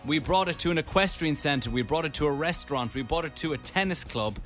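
Brief: male Dublin radio host, very expressive pitch, chatty rambler, light music bed. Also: a little fast. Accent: Dublin Irish. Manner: rambling animated storyteller. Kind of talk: casual radio chat.

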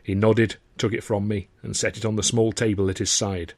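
Homme qui lit son roman d'un ton pince-sans-rire. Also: male voice, lowish voice, fairly even intonation, fairly quick, hardly any pauses, no echo. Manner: dry, wry storytelling with acted dialogue. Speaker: author reading his novel. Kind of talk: audiobook narration.

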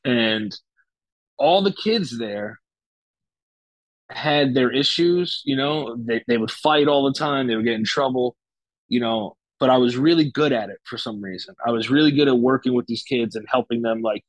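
A man's voice: mid-range voice, normal speed, dry recording, rough recording. Young man telling a loose story. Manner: loose, profane, lots of fillers and restarts. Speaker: guest. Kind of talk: casual storytelling.

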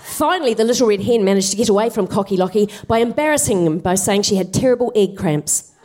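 A woman's voice: medium pitch, lively intonation, fast talker, a little mellow, slight background noise. A woman comedian telling a comic story on stage with wry, self-deprecating asides. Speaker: co-host, stand-up comedian. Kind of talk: comic storytelling to live audience. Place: theatre stage, live audience.

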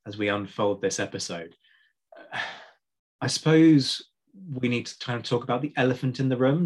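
Male podcast host, mid-pitched, chatty, loose conversational delivery. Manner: chatty, restarts phrases, laughs easily. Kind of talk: casual interview chat.

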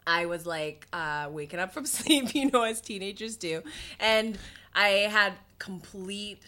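A woman's voice: mid-range voice, a little slow, sharp tone. A young woman comedian telling a story in casual podcast chat, with lots of laughter and filler words. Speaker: comedian guest.

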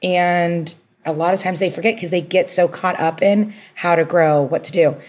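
A woman's voice: lowish voice, fairly even intonation, normal speed, darkish tone. A woman being interviewed as a guest on a podcast, talking with energy and passion and getting fired up about her work. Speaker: guest, social media strategist.

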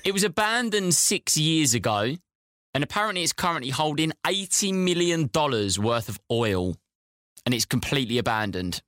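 A man co-hosting a casual podcast chat, rambling with lots of ums and pauses. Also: fairly high pitch, big pitch swings, a bit bright, no room sound, clean studio sound. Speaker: podcast co-host.

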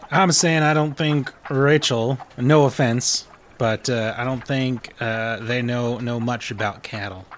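A man voicing a weary, gruff small-town sheriff who grumbles in a dry, low-key way. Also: fairly even intonation, a little slow, slight background noise, natural voice.

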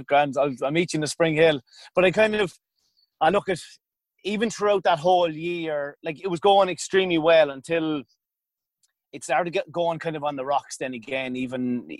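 Irish man, casual rambling storyteller, raised pitch, dead dry recording. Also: no echo. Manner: rambling, self-interrupting, colloquial. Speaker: podcast guest, former hurler.

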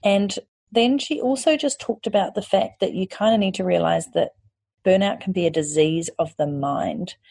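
A woman's voice: medium pitch, moderate pace, gravelly, a little mellow, no room sound. A woman hosting a podcast, giving candid advice in a chatty way that includes casual swearing. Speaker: podcast host and online course creator.

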